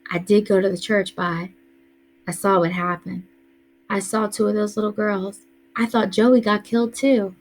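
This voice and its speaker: A woman's voice: medium pitch, fairly even intonation, moderate pace, a little hiss or hum, close to an everyday voice, rough recording. A woman reading aloud voices an anxious young boy who pleads and protests in distress. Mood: pleading. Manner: pleading, upset.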